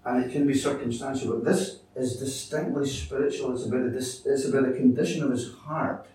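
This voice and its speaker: A man preaching a sermon in earnest, halting speech with frequent restarts, in a church. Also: mid-range voice, steady tone, warm tone. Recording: echoey hall, from a distance.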